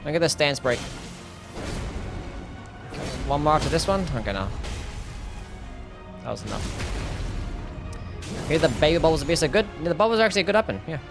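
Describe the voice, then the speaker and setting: Ranting male game streamer, lively pitch. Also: fairly quick, vocal fry, pauses often, music in the background. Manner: frustrated, ranting, swears often. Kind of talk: live gameplay commentary.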